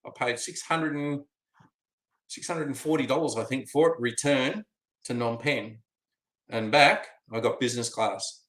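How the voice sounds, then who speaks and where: A man's voice: mid-range voice, unhurried, fairly bright tone. An Australian man telling a rambling travel story in a casual, chatty way, full of fillers. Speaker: vlogger. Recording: roomy echo.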